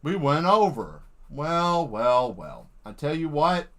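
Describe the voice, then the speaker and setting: A man hosting a live art stream, rambling and joking with lots of swearing while he paints. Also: on the high side. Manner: profane, animated, jokey, acts out quick voices.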